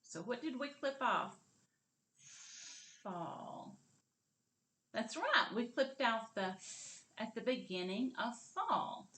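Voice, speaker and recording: A woman's voice: fairly high pitch, sing-song, measured pace, pushed and bright. A woman teaching a kindergarten literacy lesson. She talks patiently and encouragingly and stretches out the sounds and words she models. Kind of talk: slow, clearly modeled lesson for young children.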